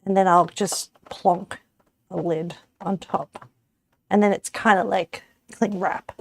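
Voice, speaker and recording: A woman's voice: mid-range voice, fairly even intonation, takes it slowly, gravelly, a little hiss or hum. An Australian woman streamer chatting casually with her viewers while cooking, giggly and rambling, often correcting herself.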